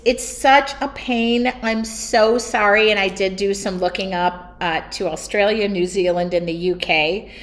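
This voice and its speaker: A middle-aged woman hosting her art studio livestream, chatting casually and laughing often in a loud, talkative way. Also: medium pitch. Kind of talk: casual chat during a livestream.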